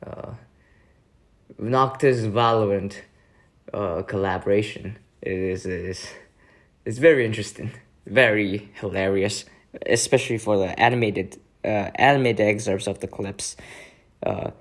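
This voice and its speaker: A man's voice: lowish voice, unhurried. A young man chatting casually as a vlogger, hesitant and laughing often. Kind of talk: casual chat.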